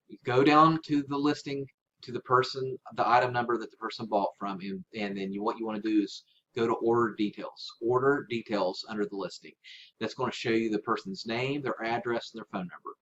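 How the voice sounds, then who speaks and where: A man's voice: lowish voice, fairly bright tone. A man giving a casual spoken tutorial as an online seller, coaching in an informal way and often checking in with "right?". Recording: slightly dull lo-fi recording with faint hiss.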